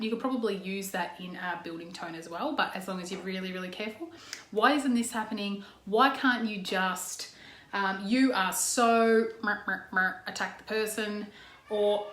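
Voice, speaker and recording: A woman's voice: medium pitch, fairly bright tone. An Australian woman in a casual talk to camera as a parenting coach, chatty, with frequent "okay" and "um", acting out example tones. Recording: echoey room.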